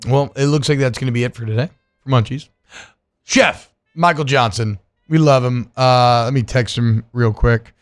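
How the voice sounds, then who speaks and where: A man's voice: mid-range voice, soft background music. Joking male radio co-host. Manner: loose, joking, hypes sponsor with quick repeats. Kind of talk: casual radio chat and live ad read.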